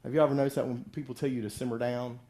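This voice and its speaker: A man's voice: medium pitch, little pitch movement, very fast, mellow. A middle-aged male pastor giving a conversational sermon, acting out the voices of people in the story he tells.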